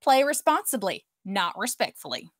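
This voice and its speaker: A woman's voice: mid-range voice, big pitch swings, normal speed, a bit bright, no room sound, clean studio sound, voice pushed down. A woman putting on a folksy Southern announcer. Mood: hammy salesy. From Oklahoma. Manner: hammy, colloquial drawl.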